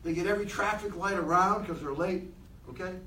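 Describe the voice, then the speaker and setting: A man giving an animated motivational talk to a room of people, asking them many questions. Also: high-pitched, brisk, roomy sound, far from the mic, a little hiss or hum, low-quality recording. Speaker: motivational speaker.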